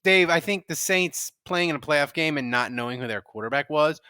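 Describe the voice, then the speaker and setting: This is a man hosting a sports chat show, his voice bright and a little high. He rambles through long questions and rides his own enthusiasm. The sound is dry and close. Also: expressive, brisk, smooth, no room sound. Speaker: podcast host.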